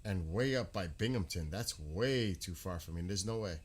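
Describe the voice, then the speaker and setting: This livestream host has a low voice with lively intonation and talks at a normal pace. He's a New Yorker running a laid-back night-sky stream from a dark rural spot, greeting viewers by name as he answers their chat messages.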